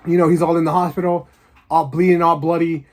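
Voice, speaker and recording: A man casually rambling through his own movie ideas, excited and loose with lots of fillers. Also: a little high, a little fast. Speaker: video host.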